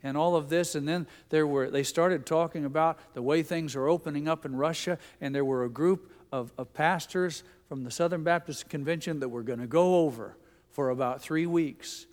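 A middle-aged man preaching a sermon as pastor, telling stories and quoting others in a softer voice. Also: on the high side, moderate pace. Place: church sanctuary. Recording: long hall reverb from the church.

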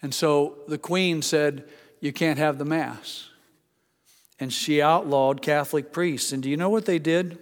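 A male pastor preaching a sermon, emphatic, rising to loud exclamations and dropping low. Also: unhurried. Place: church sanctuary. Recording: church hall with long reverb.

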